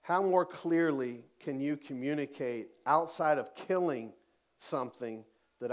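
A man's voice: mid-range voice, a little slow. A man preaching a sermon, reading scripture aloud with emphatic, dramatic rises in his voice. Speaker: pastor.

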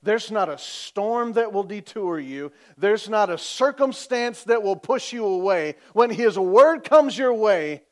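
A man preaching a sermon as pastor, telling the story vividly, asking for amens and dropping from loud to hushed. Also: high voice, a little slow, few pauses. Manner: lively storytelling, swings between loud and hushed; asks the congregation for amens.

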